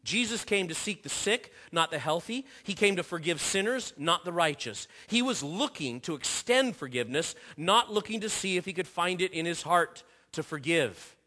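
A man preaching a sermon with a bright, forceful tone and a slightly high voice. His delivery is animated and earnest, full of repeated phrases and restarts, and he drops softer for quoted words. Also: moderate pace, few pauses. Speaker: pastor.

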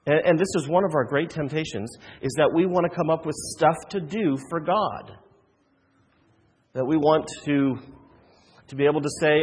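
A man's voice: on the high side, moderate pace, husky, long reverb tail. A man preaching a sermon as a pastor, earnest, with frequent restarts and rhetorical questions.

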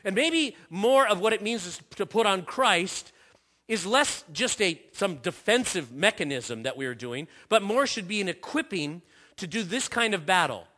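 Lively bright-voiced male preacher. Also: sits high, moderate pace. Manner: earnest preaching with repeated phrases and restarts, dropping to soft quoted asides. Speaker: pastor. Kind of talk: sermon.

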